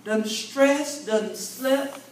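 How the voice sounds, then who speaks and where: A bishop with a high-set voice preaches in a loose, folksy teaching style, trading call-and-response with the people in front of him. The sound is distant and boomy, as if picked up from across a big hall, with faint noise underneath. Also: male voice, extremely slow. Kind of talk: conversational sermon teaching. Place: large church convention hall. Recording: echoey hall from far off, faint room noise.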